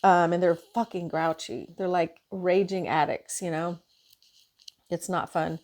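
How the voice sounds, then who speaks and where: A woman nurse with a lowish voice and a slightly slow pace vents in a casual monologue. Frustrated and swearing, she gives an animated retelling of her shift.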